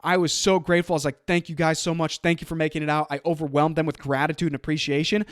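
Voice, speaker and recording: Man, solo motivational podcast host, energetic storytelling, rapid delivery, dry close mic. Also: on the high side, dry recording. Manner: energetic, conversational, quotes others in his own voice.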